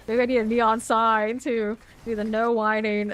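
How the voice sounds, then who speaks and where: A woman's voice: on the high side, level tone, slow pace, pauses often, slight background noise. Chatty woman streaming a game. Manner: chatty, rambling, laughs often. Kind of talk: live gameplay commentary.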